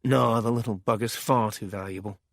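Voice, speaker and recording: A man's voice: lowish voice, fairly even intonation, normal speed, vocal fry, no echo, clean studio sound. A man voicing a jovial male crime boss who talks in cheerful, mocking banter.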